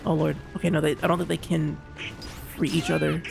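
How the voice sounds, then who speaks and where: A man's voice: fairly high pitch, completely flat delivery, a little fast, creaky. A young man streaming a game, rambling in casual commentary with constant restarts and fillers. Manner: rambling, restarts, lots of "like" and "you know". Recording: game music behind the voice.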